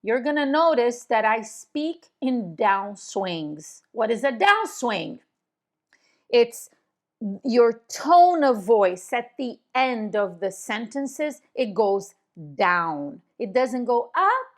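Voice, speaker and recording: Confident woman coaching, slightly high voice. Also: very animated, slow. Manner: confident, emphatic, demonstrates tone with sudden pitch jumps. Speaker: real estate coach. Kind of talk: instructional video talk.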